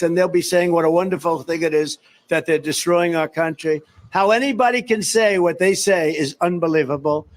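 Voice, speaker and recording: A man in played clips, giving a political speech in an emphatic, repetitive way. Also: sits high. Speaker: speaker in played news clips.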